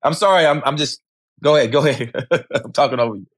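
A man's voice: medium pitch, fast, husky, dry recording, clean studio sound. A middle-aged man, speaking candidly as an interview guest, emphatic and repetitive, swearing freely.

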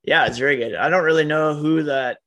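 A man's voice: on the high side, brisk, a bit bright. Casual male podcast host, reads ads then chats. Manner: easygoing, chatty. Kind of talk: ad read and casual chat. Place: home with children nearby.

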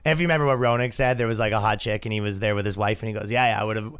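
A male comedian and podcast host riffing in a casual comedic monologue, animated and quick to slip into voices. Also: fairly low pitch, clean tone.

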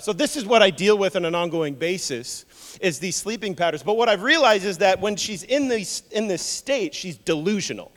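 A male pastor preaching a sermon, an animated, joking storyteller who often repeats words, recorded in a church. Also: high-pitched, moderate pace. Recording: long hall reverb.

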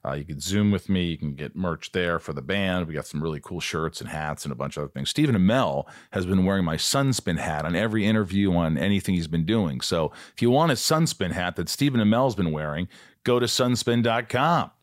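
A man in his fifties hosts a relaxed podcast conversation. His voice is low and recorded dry and close, and he talks emphatically, repeating lines to drive them home. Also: brisk, dry recording. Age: 50s. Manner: emphatic, repeats himself for effect. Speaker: podcast host. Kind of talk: casual conversational interview.

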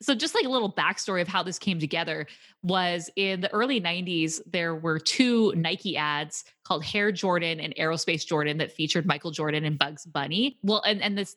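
A woman's voice: lowish voice, a little fast. Laughing, chatty woman podcaster. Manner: animated retelling with laughter. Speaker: podcast co-host. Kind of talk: casual movie discussion.

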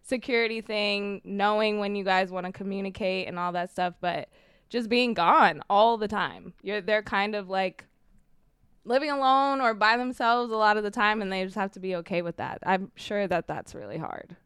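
A woman's voice: mid-range voice, moderate pace, a bit bright, clean tone, no echo, clean studio sound. A woman co-hosting a podcast who is a writer, chatting in an encouraging way. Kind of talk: casual podcast chat.

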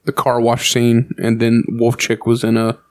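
A man co-hosting a podcast in casual chat, throwing in quick, enthusiastic interjections. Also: medium pitch, monotone, darkish tone, no room sound. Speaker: podcast co-host.

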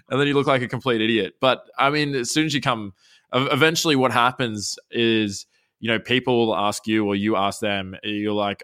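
A man's voice: on the low side, a little fast, sharp tone. Chatty Australian man hosting. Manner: rambling, restarts, mimics others in quotes. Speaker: podcast host. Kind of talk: casual chat.

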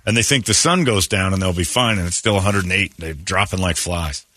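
Bright-toned radio host telling stories. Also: male voice, low voice, brisk, no echo, studio quality. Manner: rambling storyteller, acts out voices. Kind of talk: casual morning show banter.

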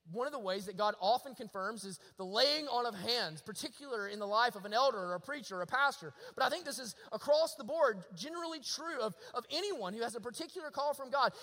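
High-voiced preacher in a reverberant hall. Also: male voice, bright, forceful tone. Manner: impassioned, repeats lines for emphasis. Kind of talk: sermon. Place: church sanctuary.

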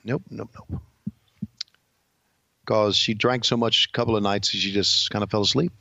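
A man's voice: lowish voice, fairly even intonation, moderate pace, creaky, bright, forceful tone, no echo, lo-fi sound. A man co-hosting a podcast, telling dry, laid-back anecdotes in casual chat. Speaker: podcast co-host.

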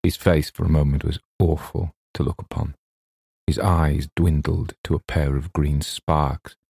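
A man giving a measured, somber scripted audiobook narration. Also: a bass voice, flat delivery, gravelly, darkish tone, husky, no echo, clean studio sound.

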